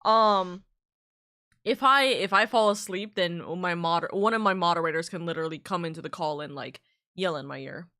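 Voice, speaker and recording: A woman's voice: fairly low pitch, normal speed, bright, forceful tone. A woman streamer chatting casually on a live stream, rambling with asides while reading out and thanking chat messages. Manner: rambling, self-interrupting asides. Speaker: VTuber streamer.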